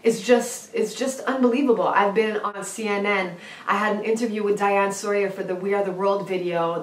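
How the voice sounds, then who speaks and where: A young woman tells a personal story straight to her viewers, lively and chatty, jumping into high excited voices when she quotes herself. She sits a little back from the mic in a roomy space, so the voice carries some echo. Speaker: singer and vlogger. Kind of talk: casual storytelling to camera. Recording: roomy, slightly distant from the mic.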